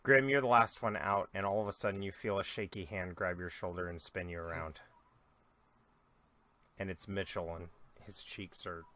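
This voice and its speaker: Bright-voiced young man running a game. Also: low voice, normal speed. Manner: relaxed, loose storytelling with many fillers. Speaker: dungeon master. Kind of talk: narrating a tabletop game.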